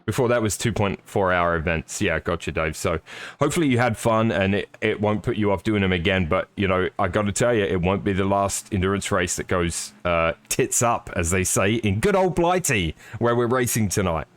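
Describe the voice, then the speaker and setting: A man's voice: low-pitched, expressive, brisk, dry recording. A man commentating live on a sim race, chatty and upbeat, greeting viewers by name.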